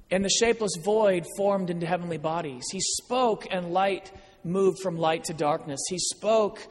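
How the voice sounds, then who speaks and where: A man giving a sermon full of personal stories, acting out the dialogue in an animated way. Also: high-pitched. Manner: animated storyteller, acts out dialogue. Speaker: guest speaker. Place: large church hall. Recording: church hall with long reverb.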